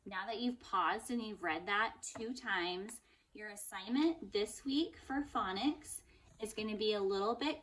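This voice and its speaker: Woman, elementary teacher, recorded phonics lesson; patient, encouraging, models sentences slowly. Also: mid-range voice, a bit bright. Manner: slow, careful modeling of sentences; encouraging, asks and answers her own questions.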